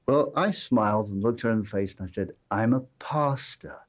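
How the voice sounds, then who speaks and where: A man's voice: on the low side, normal speed. A man with an English accent, a pastor preaching a sermon and telling a personal story with dry humor and earnest appeals to his congregation. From England.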